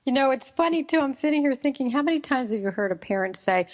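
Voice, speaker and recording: Chatty radio host woman, higher pitch, muffled sound. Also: lively intonation, fast talker. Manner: friendly, chatty, laughs easily. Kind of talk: radio interview.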